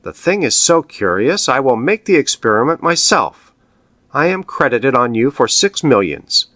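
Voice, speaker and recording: A man voicing a cool, ironic wealthy male count who speaks politely and measuredly, gently mocking. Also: medium pitch, big pitch swings, normal speed, no room sound. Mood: composed.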